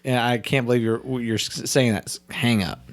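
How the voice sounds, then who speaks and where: This podcast host, a man with a young daughter, speaks at medium pitch with a steady tone and moderate pace. He's telling a story on a casual show, cursing a lot and performing other people's lines.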